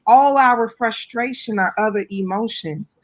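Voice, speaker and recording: A woman on a panel who tells animated stories on a video call, laughing often. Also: a little high, unhurried. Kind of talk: panel discussion.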